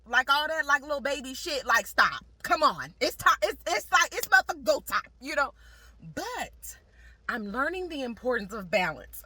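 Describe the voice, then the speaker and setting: A woman's voice: on the high side, pushed and bright. A young woman talking casually to camera in a lifestyle vlog, chatty and slangy, laughing often. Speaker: lifestyle vlogger.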